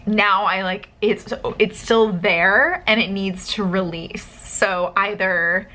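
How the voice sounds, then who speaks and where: A woman's voice: mid-range voice, slow, sharp tone. A woman vlogging casually to camera, drained and tearful after a stressful exam, rambling with many fillers.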